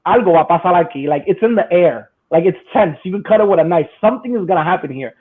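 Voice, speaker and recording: A man with a high voice tells a rambling story on a casual podcast. He laughs often and restarts his sentences. The sound is tinny and narrow, like a phone line. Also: expressive, fast, breathy edge. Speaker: podcast co-host.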